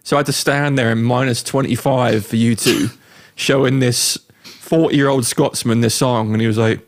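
A man's voice: medium pitch, steady tone, moderate pace. An English man in casual chat, telling a teasing story. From England.

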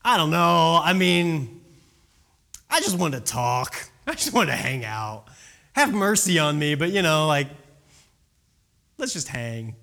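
A preacher voicing a blind male beggar who cries out loudly for mercy during a sermon retelling. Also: medium pitch, very animated, takes it slowly, gravelly, long pauses, big-room sound, pitched below the performer's own voice, exaggerated voice. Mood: mocking. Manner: loud pleading cries. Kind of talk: retelling a Bible story in a sermon.

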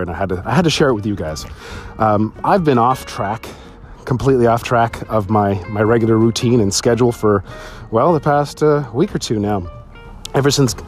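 A man telling stories on his solo podcast, swearing freely, laughing often and jumping to a high voice when excited. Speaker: podcast host. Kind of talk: casual solo podcast storytelling.

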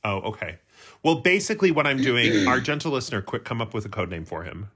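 A woman co-hosting a casual podcast, telling rambling stories in a deadpan way and swearing freely. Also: a bass voice, fast talker, slightly rough. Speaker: podcast co-host.

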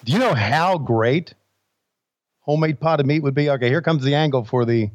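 Calling people buddy, a man co-hosts a casual podcast in a relaxed, rambling way. His voice sits on the high side at a normal pace. The audio is dull and dry, without echo.

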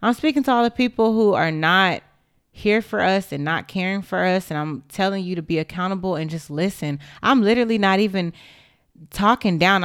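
A woman's voice: on the low side, dry recording, studio quality. A young woman giving an impassioned, indignant monologue straight to the camera, blunt and emphatic, with swearing.

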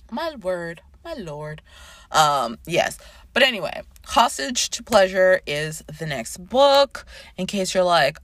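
Chatty, lively woman podcast host. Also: mid-range voice, dry recording. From Canada. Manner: chatty, animated, swearing and sidetracked. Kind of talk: casual chat.

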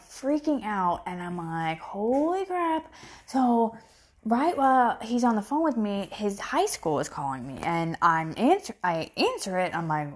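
A middle-aged woman with a medium-pitched voice tells a story in a casual vlog recorded on a phone. She is animated and acts out her own shocked reactions.

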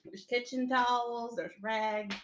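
A woman's voice: a little high, fairly even intonation, slow pace, a bit bright, reverberant, a little hiss or hum. A woman co-hosting a podcast in casual chat, chatty and often laughing as she retells scenes. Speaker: podcast co-host.

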